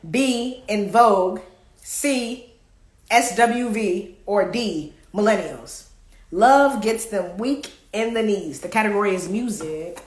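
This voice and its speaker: At a slow pace and medium pitch, a woman runs a live card game, reading questions off the cards with a playful touch. She sings short snatches of songs, and the echo of the room is audible.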